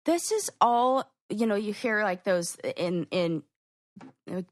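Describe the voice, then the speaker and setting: A woman's voice: medium pitch, lively intonation, takes it slowly, no echo, clean studio sound. A woman co-hosting a podcast in casual chat, acting out quoted phrases as she explains. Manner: chatty, acts out quoted phrases. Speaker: podcast co-host.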